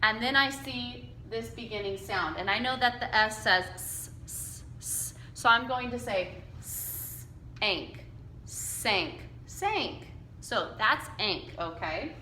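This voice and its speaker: A woman teacher leads young children through a phonics lesson, sounding out each letter and chunk slowly so they can say it with her. Her voice is bright and a little high, and she talks at an unhurried pace. The recording has a roomy echo with a faint hum of ambience. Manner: slow, patient, sounds out letters and chunks for kids to repeat. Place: classroom with whiteboard.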